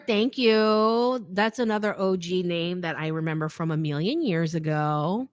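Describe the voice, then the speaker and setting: A middle-aged woman hosting a casual livestream Q&A, reading comments aloud, chatty and quick to laugh, saying "like" a lot. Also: lowish voice, no room sound. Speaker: fashion YouTuber hosting a live Q&A.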